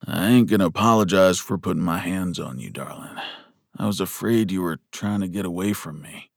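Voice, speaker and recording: A man's voice: low voice, normal speed, creaky, no echo, studio quality. A man voicing a brash, flirtatious, injured cowboy with a cocky drawl, in an audiobook.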